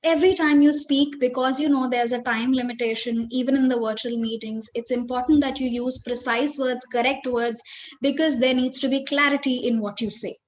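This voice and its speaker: High-voiced Indian woman giving a webinar. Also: normal speed, a little hiss or hum. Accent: Indian English. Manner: expressive, varies tone and stress, engages the audience directly. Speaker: corporate trainer. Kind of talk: live online training webinar.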